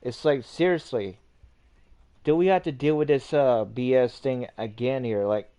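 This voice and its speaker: Male streamer host, mellow tone, rambling and repetitive, swears a lot. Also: mid-range voice, a little slow, clean tone. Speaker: livestream host. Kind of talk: casual livestream rant.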